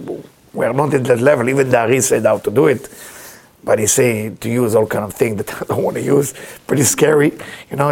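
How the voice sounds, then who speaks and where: Gravelly animated man. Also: medium pitch. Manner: animated, chuckling storyteller with broken English. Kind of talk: storytelling spiritual lesson.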